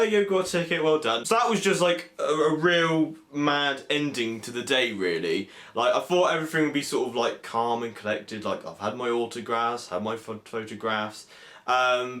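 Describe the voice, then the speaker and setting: A young man from England chatting excitedly in a casual vlog, full of fillers and animated asides. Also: medium pitch. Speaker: vlogger. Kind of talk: casual convention recap vlog. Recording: echoey room.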